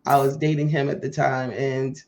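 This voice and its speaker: A woman hosting a podcast tells a personal story in a casual way and acts out the dialogue with lively voices. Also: extremely low pitch, normal speed. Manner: animated, acts out quoted dialogue. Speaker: podcast host. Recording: muffled lo-fi audio.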